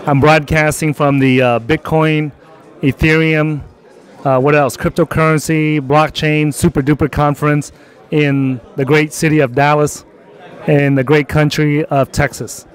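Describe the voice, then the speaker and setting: A man's voice: fairly high pitch, level tone, measured pace. Jokey, filler-heavy male host. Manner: loose and jokey, many fillers. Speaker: channel host. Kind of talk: casual interview. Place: outdoors at a conference.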